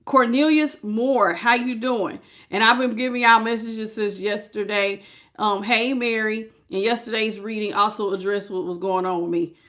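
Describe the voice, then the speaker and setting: During a relaxed live-stream tarot session, a woman greets her viewers by name and talks to them frankly, addressing them as y'all, child, or baby. Her mid-range voice is a bit bright, with fairly even intonation and a normal speed.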